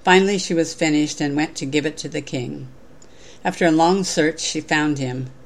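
A woman giving a sermon, reading a story aloud in a measured, clear way. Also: sits low.

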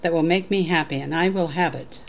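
A woman's voice: on the low side, fairly quick, a little hiss or hum, close to an everyday voice. A woman voicing a greedy, sulking king while reading a storybook tale aloud. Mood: demanding. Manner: lightly acted storybook reading.

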